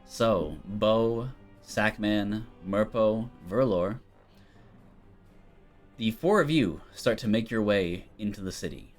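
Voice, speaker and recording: A man narrating as game master of a tabletop game, loose and relaxed with frequent ums. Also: fairly low pitch, slow, soft background music.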